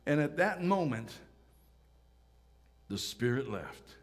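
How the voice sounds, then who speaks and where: A man preaching a sermon, swinging from loud emphatic rises to hushed near-whispers. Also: mid-range voice, lively intonation, takes it slowly. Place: church sanctuary. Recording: church hall reverb.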